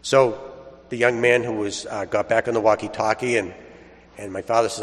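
A man's voice: lowish voice, a little fast. A man giving a sermon as a story, earnest, repeating phrases and lifting his voice for emphasis. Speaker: preacher. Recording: long hall reverb.

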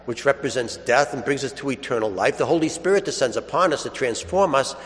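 A man delivers a sermon in a relaxed, story-telling manner, with light chuckles along the way. His voice sits in a middle register. The sound carries a long church reverb. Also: medium pitch, a little fast. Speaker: priest.

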